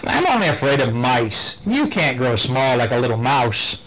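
A man voicing a calm, unafraid woman in a bedtime story, in a matter-of-fact way. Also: mid-range voice, normal speed, rough recording. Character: calm, unafraid old woman, plain-spoken.

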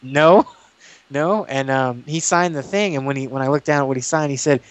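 A man and YouTuber, chatting in an interview and telling long, animated stories full of restarts. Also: mid-range voice, fast talker, clean tone, dry recording. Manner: rambling, animated storytelling with restarts. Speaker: guest YouTuber. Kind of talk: casual interview chat.

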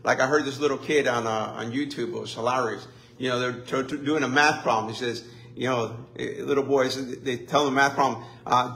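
A pastor preaching a conversational sermon in a church, with lively asides and mock complaints. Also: male voice, mid-range voice, brisk, vocal fry. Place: church sanctuary.

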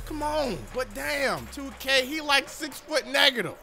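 Casting: high-voiced young gamer, gravelly, hyped trash-talk commentary. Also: male voice, lively intonation, unhurried. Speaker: gaming YouTuber. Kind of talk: gameplay commentary. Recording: game music behind.

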